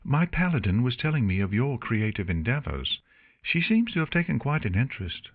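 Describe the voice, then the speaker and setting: A man voicing a cool, haughty pony princess in a storybook reading, speaking in an even, curt tone. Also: mid-range voice, unhurried, no echo, phone-quality sound, voice pushed up.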